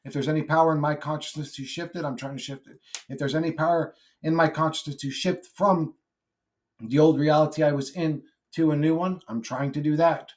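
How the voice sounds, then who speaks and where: A brash man rambles to his viewers in a loose, profane vlog monologue. His voice sits somewhat high for a man, and he drifts from one thought to the next with plenty of swearing. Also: steady tone, a little fast. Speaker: YouTuber.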